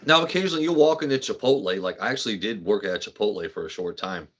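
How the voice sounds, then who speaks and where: Low-voiced man rambling on a livestream. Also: expressive, fast talker, slight background noise. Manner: profane, joking, talks to chat by name. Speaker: livestream host. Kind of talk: casual rambling livestream chat.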